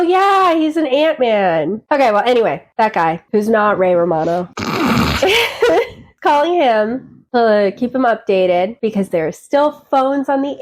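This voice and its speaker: A woman's voice: mid-range voice, a little mellow, low-quality recording. A woman co-hosting a podcast as a former flight attendant, retelling movie scenes in casual chat and laughing often.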